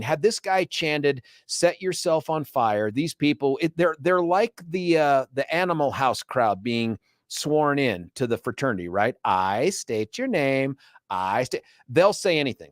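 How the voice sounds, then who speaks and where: Male radio host, sarcastic opinion monologue, lively higher voice, dry studio mic. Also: no room sound. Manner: sarcastic, mocks others with put-on quotes. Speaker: radio talk show host.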